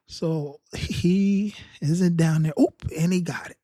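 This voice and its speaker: A man's voice: fairly high pitch, slow, hardly any pauses, warm tone, no echo, clean studio sound. A man telling a rambling, self-mocking comic story about his own experience. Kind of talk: humorous personal storytelling.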